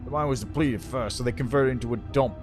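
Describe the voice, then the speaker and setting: A man voicing a gruff, blunt male mine dweller in a near-everyday voice. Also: mid-range voice, fast, music in the background, close to an everyday voice.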